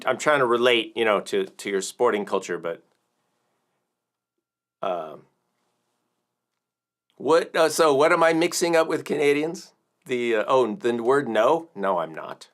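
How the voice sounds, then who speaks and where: With a medium-pitched, slightly bright voice, this American drum teacher runs a laid-back music livestream. He rambles, cracks jokes, and keeps restarting and correcting himself amid plenty of fillers.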